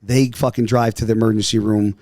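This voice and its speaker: Casting note: man, animated profane storyteller, conversational, dry close-miked podcast sound. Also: fairly low pitch, a little fast, dry recording. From New Jersey, US. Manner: animated, profane, acts out voices in quotes. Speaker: podcast guest. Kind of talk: casual storytelling. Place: podcast studio.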